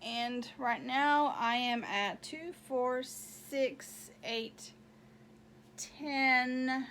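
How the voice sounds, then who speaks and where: A woman's voice: high-pitched, drawn-out words, fairly bright tone, slight background noise. A woman hosting a knitting video podcast, chatting casually and rambling as she shows off her projects and counts squares aloud. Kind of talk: casual show-and-tell chat.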